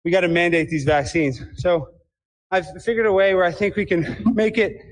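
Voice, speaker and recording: Man playing a satirical zealot, very high-pitched, shouting, breathless, chanting rhymes. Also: normal speed, lightly acted. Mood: frantic. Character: frantic man rant-singing a vaccine chant. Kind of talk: satirical comedic performance.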